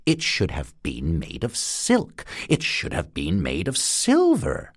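A man voicing a vain, fussy female magpie who thinks herself a princess, talking in a scornful, squeaky way. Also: huge pitch swings, takes it slowly, dry recording, studio quality, full character voice. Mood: haughty.

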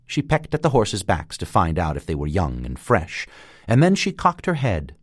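Deep-voiced man reading a storybook aloud. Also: normal speed, breathy edge, no room sound, clean studio sound. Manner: lively, expressive reading. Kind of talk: storybook narration.

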